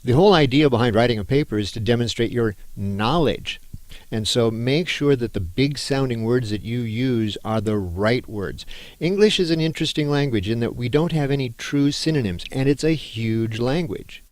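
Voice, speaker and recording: A man's voice: medium pitch, lively intonation, normal speed, no echo. A middle-aged male anthropology professor giving a conversational, emphatic lecture on writing, with fillers and restarts.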